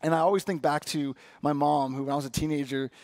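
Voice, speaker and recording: A man preaching a sermon, praying and reading scripture in an earnest, lively way. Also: fairly high pitch, quick pace, no room sound, studio quality. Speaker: pastor.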